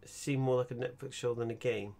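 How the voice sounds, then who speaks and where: A gravelly, medium-pitched young man talks games while streaming, moving at a fairly quick pace. Expect rambling, stammering restarts, and bursts of animated laughter.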